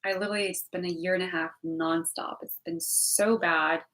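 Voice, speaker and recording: Rambling bright-voiced young woman. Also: lowish voice, steady tone, normal speed, poor audio. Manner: rambling, emotional, many restarts and repeated words. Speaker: vlogger. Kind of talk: candid personal vlog talk.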